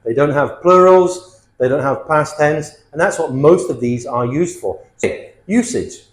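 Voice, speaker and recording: A man's voice: fairly high pitch, a little slow. A man teaching an English grammar lesson, explaining word endings with emphatic examples and checking in with frequent "okay?" questions. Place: based in Thailand. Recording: roomy echo, faint music.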